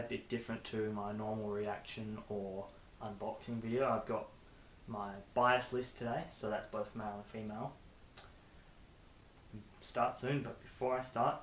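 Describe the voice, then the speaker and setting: Chatty young man in an echoey room. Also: on the low side. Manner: chatty, rambling, self-deprecating asides. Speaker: vlogger. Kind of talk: casual chat to camera. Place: bedroom with posters. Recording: echoey room with faint hiss.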